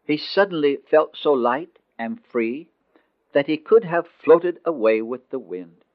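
A man narrating a dramatic story in a scripted, expressive way, slowing down on emotional phrases. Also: a little high. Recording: tinny phone-like dry recording.

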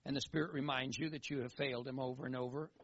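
A man preaching a sermon in an animated way, repeating phrases for emphasis, on a dull lo-fi recording. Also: medium pitch, quick pace, husky. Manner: animated, acts out quoted voices, emphatic repetition.

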